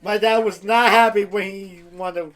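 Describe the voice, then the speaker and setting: High-voiced man in casual chat. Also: steady tone, fairly bright tone. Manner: blunt, quick interjections. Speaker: podcast co-host.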